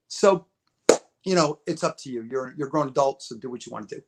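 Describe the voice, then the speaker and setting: Brisk and mid-range, with lively intonation, the man's voice carries a casual storytelling interview. He's in his fifties, a bodybuilding promoter guesting on a podcast, who acts out quotes and repeats words while recounting stories.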